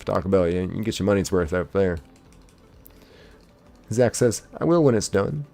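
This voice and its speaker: A man streaming a game live, casually reading his chat's messages aloud in a playful, excitable way. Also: low-pitched, gravelly. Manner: reads chat messages aloud in quick succession, playful and excitable; casual, uses "y'all". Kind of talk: live gaming stream chat.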